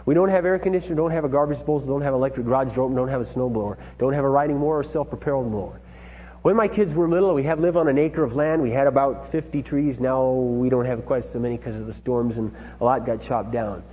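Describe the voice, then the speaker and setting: A man's voice: mid-range voice, fast, a little mellow, husky. Earnest father telling stories, echoey hall. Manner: earnest, emphatic, folksy storytelling. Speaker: father giving parenting talk. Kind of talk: personal storytelling talk. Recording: dull lo-fi sound with hall reverb and faint hum.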